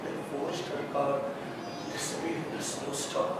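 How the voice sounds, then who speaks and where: Guy acting as a shaken dad who keeps stumbling over his words, high voice, echoey room picked up from far off with hiss. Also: fairly even intonation, natural voice. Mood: frantic. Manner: halting, stammering, repeating words. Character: anguished father telling of a night with his daughter. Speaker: stage actor in rehearsal. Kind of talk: stage drama rehearsal. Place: rehearsal room. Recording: echoey room, distant mic, hiss and rumble.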